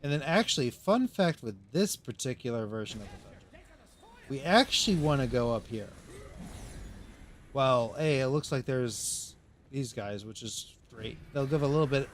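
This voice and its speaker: A man's voice: medium pitch, lively intonation, moderate pace, slight background noise. A man streaming a game live, rambling through casual commentary to himself and his chat.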